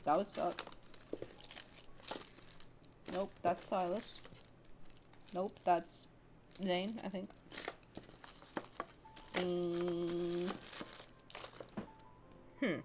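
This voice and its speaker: A woman streaming a game, talking casually with her chat, swinging from loud squeals to quiet mutters. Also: on the low side, flat delivery, drawn-out words, long pauses, noisy background.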